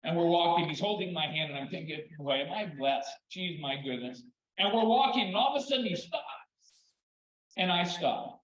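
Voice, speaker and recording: An older man speaks in a high, light voice, telling stories with lively, animated pacing and long dramatic pauses. He is giving a keynote talk in a large hall, and his voice echoes around the room. The recording sounds a little dull and muffled. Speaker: keynote speaker, children's therapist. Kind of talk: storytelling conference talk.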